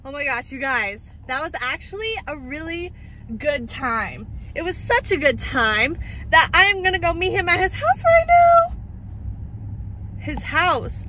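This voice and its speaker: A woman's voice: sits high, big pitch swings, a little slow, over music. A young woman in her twenties chatting casually to camera for her vlog, bubbly and full of "like". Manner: chatty, bubbly, says "like" a lot. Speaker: vlogger. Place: home and car.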